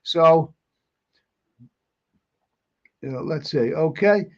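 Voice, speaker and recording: A man's voice: fairly high pitch, drawn-out words. A man from England hosting a casual live stream, reading chat comments aloud and giving blunt opinions, often repeating and restarting his words. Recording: dull lo-fi stream audio.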